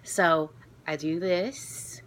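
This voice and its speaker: Bright, chatty woman from Florida. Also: fairly low pitch, drawn-out words, slight background noise. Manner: chatty, self-deprecating, excitable. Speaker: vlogger. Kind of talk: casual storytelling to camera.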